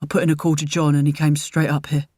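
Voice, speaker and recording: A woman's voice: low voice, flat delivery, fast, warm tone, no echo, studio quality. A woman voicing a frail, stubborn, mischievous elderly man in a storybook reading. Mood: wry. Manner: blunt, mischievous.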